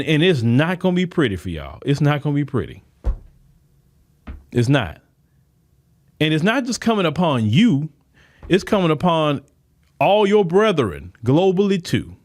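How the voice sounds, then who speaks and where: A man hosting a podcast, delivering a fiery political commentary monologue that speaks straight to his listeners, often repeating and restarting his words. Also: on the high side. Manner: fiery, preaching, addresses listeners directly. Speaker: podcast host.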